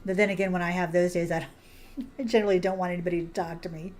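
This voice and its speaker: A woman's voice: fairly low pitch, steady tone, fast talker, darkish tone. Affectionate chatty woman streamer. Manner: affectionate, chatty, greets viewers with endearments. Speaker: game streamer. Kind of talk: casual livestream chat while playing.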